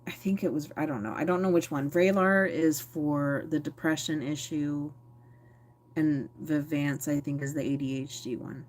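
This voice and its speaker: A woman's voice: deep voice, steady tone, normal speed, darkish tone. A woman vlogger talking candidly to camera, reflective and rambling, with many fillers and self-corrections. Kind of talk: candid personal talk to camera.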